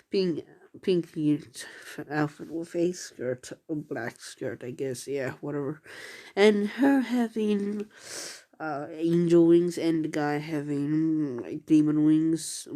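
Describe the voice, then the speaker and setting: A woman's voice: low voice, warm tone. A woman casually retelling a fan story, rambling and hesitant with many fillers.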